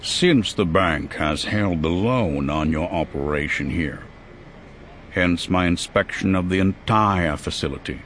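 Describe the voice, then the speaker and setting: A man reading a story, voicing a scheming banker in a measured, formal way. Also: low-pitched, a bit bright, a little hiss or hum, voice pushed down. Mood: cool. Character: smooth scheming male banker, inspector.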